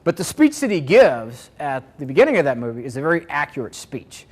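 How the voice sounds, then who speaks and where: A man's voice: fairly high pitch, very animated, fairly quick. Man presenting a seminar to a live audience. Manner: conversational, asks the audience questions.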